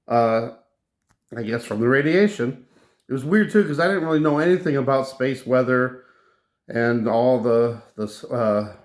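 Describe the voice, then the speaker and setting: A man hosting his own channel, recounting a dream in a slow, halting casual monologue with many restarts. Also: mid-range voice. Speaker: channel host.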